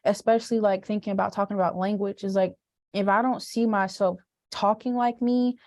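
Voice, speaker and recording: A young woman and student teacher talking as a podcast guest in an animated, expressive way, with many "like"s. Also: mid-range voice, fairly quick. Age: young adult. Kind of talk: casual podcast conversation.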